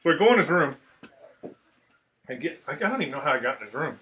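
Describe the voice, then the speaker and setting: A man telling war stories in a casual, profane chat, animated as he acts out the people in them. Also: fairly high pitch, fast talker. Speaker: podcast host, Marine veteran.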